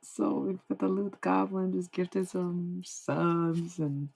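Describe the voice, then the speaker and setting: A young woman talks casually to her livestream chat, wandering off her point and circling back. Her voice sits a little low, with a husky edge and a good deal of vocal fry. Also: steady tone, slow pace, a little mellow, poor audio. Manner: rambling and easily sidetracked, talking to chat.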